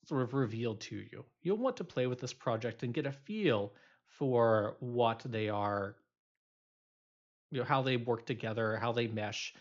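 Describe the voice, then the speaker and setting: A man's voice: medium pitch, highs cut off. A male instructor giving a recorded programming lecture, explaining loosely with many fillers and restarts.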